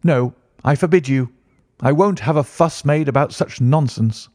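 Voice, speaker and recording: A man's voice: mid-range voice, moderate pace, darkish tone, no echo, studio quality, natural voice. A man voicing a stubborn, blustering older father who waves off worries dismissively. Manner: dismissive and obstinate.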